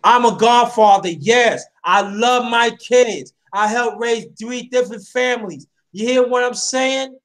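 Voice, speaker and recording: Very high-voiced impassioned male host. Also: unhurried, hardly any pauses, a bit bright. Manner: preachy, repeats himself, addresses listeners directly. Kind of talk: impassioned casual chat.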